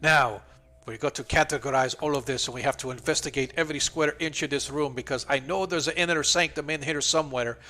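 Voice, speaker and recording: A man voicing an excitable, fussy male dwarf archaeologist who guards his dig in shrill, clipped speech. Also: fast, faint music behind. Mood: eager.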